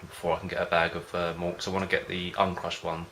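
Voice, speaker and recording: A man with a low, steady voice that stays in a narrow band, and a bright, forward tone. He chats casually to camera as a home-brewing vlogger, rambling and hesitating as he goes. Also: fast, a little hiss or hum. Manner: rambling, hesitant, loses his thread.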